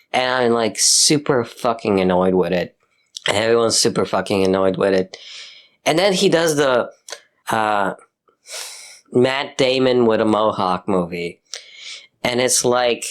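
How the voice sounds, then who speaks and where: A man's voice: on the low side, unhurried, pauses often, clear, resonant tone. Young guy ranting about movies, swears a lot, exasperated, lots of likes and restarts. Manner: profane, exasperated ranting with many fillers. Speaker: commentator. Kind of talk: casual rant.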